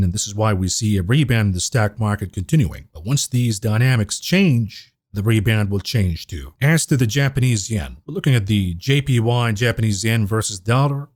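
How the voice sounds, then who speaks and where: A fairly low-voiced man with a husky edge delivers an opinionated market commentary straight to camera. He leans into sarcasm and emphatic asides. The sound is close and dry. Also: darkish tone, no echo. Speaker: finance commentator.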